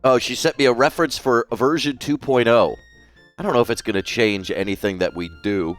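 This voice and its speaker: A man's voice: medium pitch, brisk, soft background music. A man live-streaming while he draws, chatting casually, swearing freely and reading out viewers' messages. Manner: chatty, swears freely, reads chat aloud.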